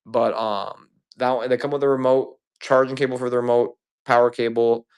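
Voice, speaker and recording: A man selling used games on a livestream, rambling casually with profane jokes and shout-outs to chat. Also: mid-range voice, flat delivery, normal speed, clear, resonant tone. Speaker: live sale seller.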